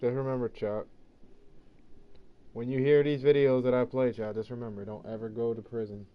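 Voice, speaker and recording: A man's voice: mid-range voice, fairly even intonation, moderate pace, smooth, dull audio. A man giving loose, laughing commentary over a game, repeating himself and talking to a friend. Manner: laughing, repetitive, addresses a friend. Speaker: gaming video host. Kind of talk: casual commentary over gameplay.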